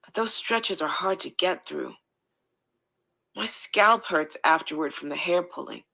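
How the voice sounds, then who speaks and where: A woman reading a first-person account aloud in a steady, matter-of-fact way. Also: on the low side, measured pace, creaky, rough recording. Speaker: reader.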